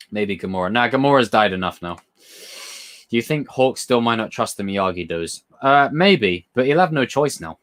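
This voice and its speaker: A young man hosting a casual live stream, answering chat questions in a rambling, excitable way and swearing freely. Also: medium pitch, brisk. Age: young adult. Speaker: livestream host reading chat questions.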